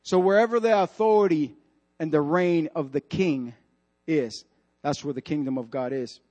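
A man's voice: on the high side, moderate pace, darkish tone, lo-fi sound. A male pastor preaching a sermon, emphatic and repetitive, putting direct questions to the congregation in church.

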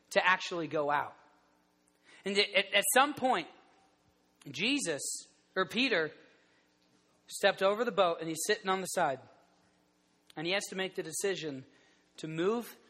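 Guy in his 30s preaching, high bright voice, stumbles and restarts a lot. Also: in a large hall. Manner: animated storytelling, rambling restarts. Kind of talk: sermon to a group.

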